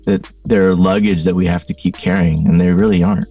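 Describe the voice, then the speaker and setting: A middle-aged man with a very low, gravelly voice shares his story as a podcast guest. His tone is dark and mellow, and he speaks thoughtfully, leaning on "you know" and "like." He sounds a little far from the mic, with faint music behind. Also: steady tone, a little fast. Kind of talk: reflective conversational storytelling.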